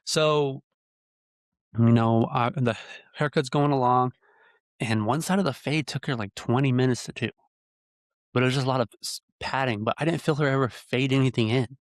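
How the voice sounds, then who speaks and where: A man's voice: medium pitch, steady tone, moderate pace, no echo, clean studio sound. Casual young man telling a story. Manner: rambling, conversational, many fillers like "you know" and "like". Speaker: podcast host.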